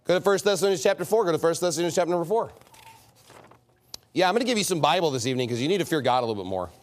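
A man preaching a sermon as pastor, in an animated, mocking and emphatic manner. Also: on the high side, racing.

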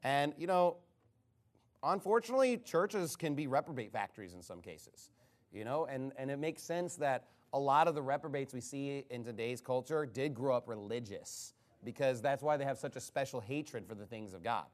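A man's voice: mid-range voice, lively intonation, moderate pace. A man preaching a sermon, retelling a story with mocking, incredulous sarcasm.

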